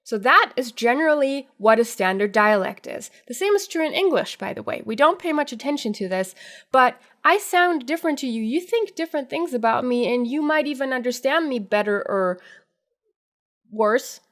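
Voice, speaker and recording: A woman's voice: sits high, animated, a bit bright. A woman whose first language is German, hosting a casual educational video and explaining language in a chatty way with asides. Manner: chatty, with asides and quick accent impressions. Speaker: German teacher and video host.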